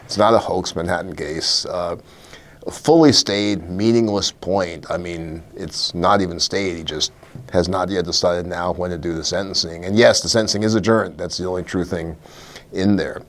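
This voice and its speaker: A man with a low voice gives solo legal commentary. He talks in a wry, animated way, dropping in short laughs and fillers as he picks apart the news. He sounds middle-aged. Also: moderate pace.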